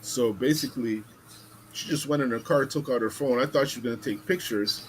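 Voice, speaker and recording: Podcast host, male, casual and animated, swears freely, faint hiss on the track. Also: medium pitch, fairly quick. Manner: animated, swearing, acts out voices in stories. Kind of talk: casual storytelling chat.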